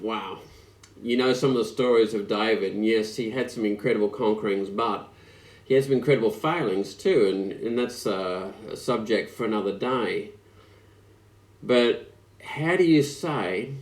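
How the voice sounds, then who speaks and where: A man preaching an online sermon, speaking slowly and reflectively with frequent pauses and fillers. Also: on the low side, a little mellow. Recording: echoey room.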